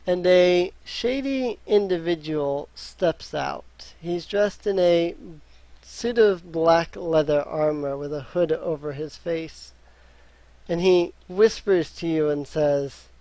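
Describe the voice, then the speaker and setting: A man running a tabletop game as dungeon master, narrating haltingly with many fillers. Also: a little high, warm tone, dry recording.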